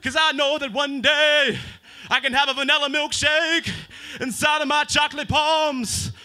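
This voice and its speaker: A man doing a booming slow preacher-orator. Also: little pitch movement, bright, forceful tone, heavily acted. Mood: grand. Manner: slow, drawn-out speechmaking cadence. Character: pompous slow male civil-rights orator, booming.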